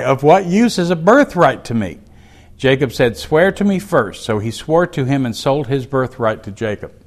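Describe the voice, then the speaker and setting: Man teaching a Bible passage. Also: on the high side. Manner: reads scripture aloud, then explains it in a folksy aside.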